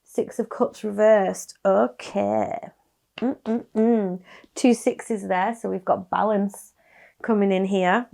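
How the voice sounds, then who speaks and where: Gravelly-voiced chatty woman tarot reader. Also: mid-range voice, steady tone, slow pace. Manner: chatty, soft-spoken, with little sighs and laughs. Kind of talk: casual tarot reading to camera.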